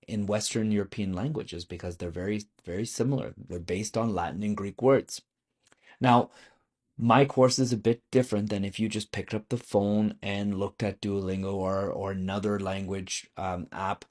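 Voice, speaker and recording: A man's voice: fairly low pitch, darkish tone. A man teaching a video lesson on French vocabulary, explaining patiently and asking the viewer questions.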